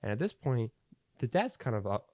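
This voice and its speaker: A man's voice: mid-range voice, very animated, a little fast, darkish tone, no echo. A young man hosting a podcast, telling a long story in a rambling way with plenty of fillers and restarts. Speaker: podcast host. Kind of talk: casual storytelling. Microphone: studio podcast mic.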